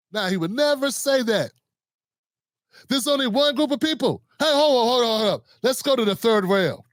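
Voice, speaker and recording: A man's voice: extremely high pitch, expressive, normal speed, no echo, clean studio sound. A man hosting his own show, ranting in a heated, mocking political commentary. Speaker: host.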